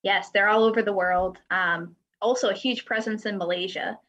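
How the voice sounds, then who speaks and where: Bright-voiced woman on a dull line. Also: medium pitch, fairly even intonation, moderate pace. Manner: chatty, with frequent fillers and light laughs. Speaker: guest from a drag racing timing system company. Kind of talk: casual interview chat.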